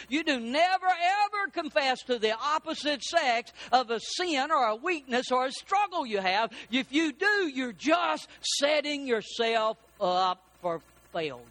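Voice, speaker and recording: A pastor preaching a sermon, his voice sitting unusually high for a man. The tone is bright and cutting. He swells to emphatic peaks, then drops to hushed, close appeals.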